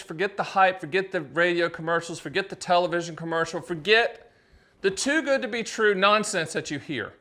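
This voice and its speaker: A middle-aged man with a slightly raised voice talks straight to camera, hosting his own explainer show. He drives his points home in punchy, salesy bursts, firing rhetorical questions and tossing in quick asides before snapping back on track. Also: high voice, pushed and bright, soft background music. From United States. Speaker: annuity agent and show host. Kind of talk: energetic solo explainer to camera.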